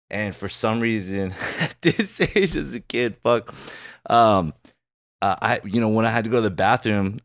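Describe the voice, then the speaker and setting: A man co-hosting a comedy podcast, telling a childhood story in a relaxed, rambling way with chuckles. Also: fairly low pitch, no echo. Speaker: podcast co-host.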